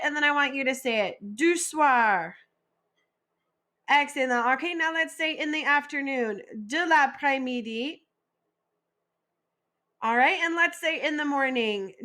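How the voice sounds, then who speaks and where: A woman teaching a recorded French vocabulary lesson, slowly modeling each word and asking listeners to repeat after her. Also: high-pitched, pushed and bright. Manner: slow, clearly modeled pronunciation with call-and-repeat drills.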